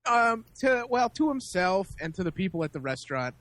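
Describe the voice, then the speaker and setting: A man with a high voice tells a story on a podcast. He is animated and laughs often. He acts out the people in the story as he goes. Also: a little fast, dry recording. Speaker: podcast host. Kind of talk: casual storytelling.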